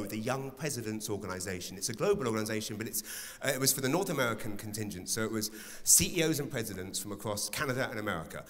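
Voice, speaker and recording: A man doing a stand-up set, animated and profane, acting out bits of dialogue. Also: a little high. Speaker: stand-up comedian. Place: large theatre stage with a live audience. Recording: theatre reverb with faint crowd noise.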